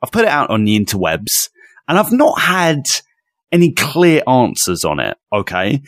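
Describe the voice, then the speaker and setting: A young man co-hosting a podcast, chatty and excitable, rushing his words in bursts. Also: medium pitch, no echo, studio quality. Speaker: podcast co-host. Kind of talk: casual chat.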